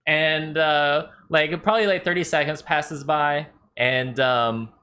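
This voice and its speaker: A man's voice: on the high side, fairly even intonation, slow, bright, forceful tone. A man narrating a tabletop game as game master, loose and rambling with many fillers.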